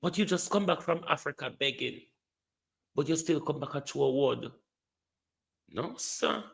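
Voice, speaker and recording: A man's voice: a little high, expressive, measured pace, creaky. A man with a Jamaican accent giving indignant, mocking political commentary, repeating phrases for emphasis.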